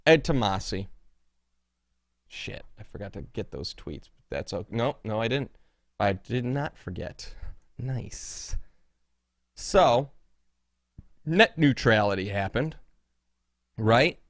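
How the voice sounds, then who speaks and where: A man hosting a podcast in casual chat, excitable and mocking, laughing often. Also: fairly low pitch, slow pace, pauses often, no room sound, studio quality. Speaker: podcast host. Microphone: podcast mic with cord.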